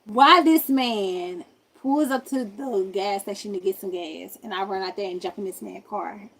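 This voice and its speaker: Animated woman telling a wild story. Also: mid-range voice, normal speed. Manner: animated, slangy, addresses viewers directly. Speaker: streamer. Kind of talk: casual storytelling.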